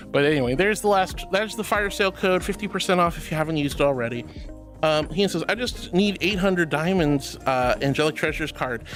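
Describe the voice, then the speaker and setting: A woman streamer in a casual live-stream chat, bubbly and affectionate, reading chat messages aloud and calling viewers sweetie and honey. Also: low-pitched.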